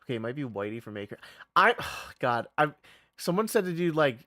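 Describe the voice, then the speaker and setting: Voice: medium pitch, big pitch swings, moderate pace, pushed and bright, no room sound. Rambling, chatty game streamer. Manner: rambling, chatty, swears, laughs often. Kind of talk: casual gaming stream commentary.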